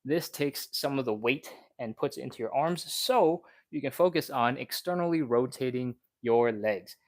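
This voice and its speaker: A man leading a live stretching session, chatty and encouraging, talking fast and a little out of breath. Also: medium pitch. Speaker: stretching instructor. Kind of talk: live-streamed workout coaching.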